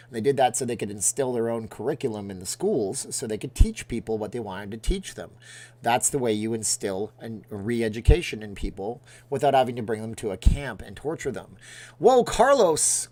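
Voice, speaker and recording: A man's voice: mid-range voice, a little mellow. A man hosting a casual livestream in a mid-range voice. He rambles from topic to topic and reads out viewers' names and comments as he goes. His tone stays loose and conversational. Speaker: host.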